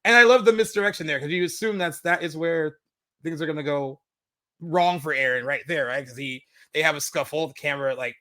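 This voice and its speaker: Bright, dry-miked man recapping a film. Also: fairly high pitch, fairly quick, dry recording. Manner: rambling, many "like" fillers, retells scenes. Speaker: podcast co-host. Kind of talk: casual film discussion.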